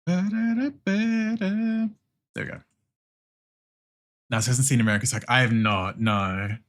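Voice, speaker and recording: A young Australian man streaming while he draws, thinking out loud in casual chat, laughing often and swearing freely. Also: on the low side, fairly even intonation, normal speed.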